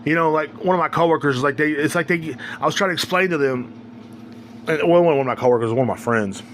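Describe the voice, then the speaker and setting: A man's voice: a little high, quick pace, a bit bright, slight background noise. A man hosting a podcast, ranting alone in a heated, rambling, profane way. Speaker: podcast host. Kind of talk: casual ranting monologue.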